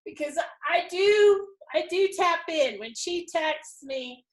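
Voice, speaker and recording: A woman's voice: very high voice, lively intonation, slow pace. A middle-aged woman hosting a casual spiritual interview, effusive and openly emotional. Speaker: host.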